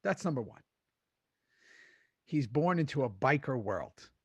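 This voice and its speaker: Middle-aged podcast host, husky voice pitched a bit high, swears a lot, very dry close sound. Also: male voice, a little slow, dry recording, lo-fi sound. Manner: animated, swears freely, laughs mid-sentence. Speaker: podcast host recapping a TV episode. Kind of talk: casual chat.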